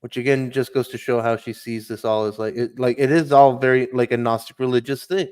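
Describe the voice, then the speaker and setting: A man co-hosting a casual podcast, halting and scornful, often laughing. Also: mid-range voice, steady tone, darkish tone, clear, resonant tone. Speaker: podcast co-host.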